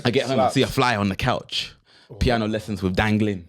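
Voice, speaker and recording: A man's voice: on the low side, a little fast. A young man, co-hosting a podcast and telling a comic story, acting out quotes and laughing often. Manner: animated, laughing, acts out quotes. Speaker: podcast co-host. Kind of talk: comedic storytelling.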